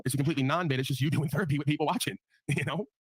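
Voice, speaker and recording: A man's voice: fairly high pitch, rapid-fire, slightly rough, no room sound. A man hosting a live online panel, talking in a blunt, profane way and often tagging his points with "right?". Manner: blunt, profane, repeats tag questions. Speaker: livestream panel host. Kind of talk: casual ranting talk.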